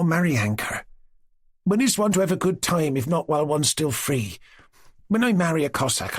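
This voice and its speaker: A talkative young Cossack girl, as a man reading puts her on, teases in a bright, high, lilting voice. The tone stays a little husky and close. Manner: eager, teasing, talkative.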